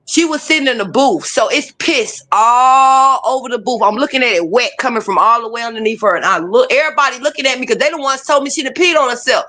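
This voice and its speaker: A woman with a high voice tells stories in a quick, profane, lively way. She laughs often as she talks. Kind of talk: casual storytelling chat.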